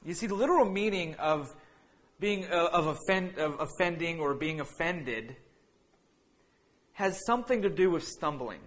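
A man's voice: a little high, lively intonation, normal speed, fairly bright tone. A man preaching a sermon in a casual storytelling way, rambling through an anecdote with many restarts and fillers. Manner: breaks into laughter while telling a funny story.

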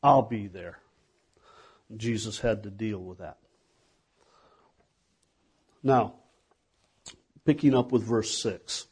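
A man's voice: on the low side, takes it slowly, long pauses, darkish tone, breathy edge. A man preaching a sermon in a conversational way, asking the listeners questions. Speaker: pastor.

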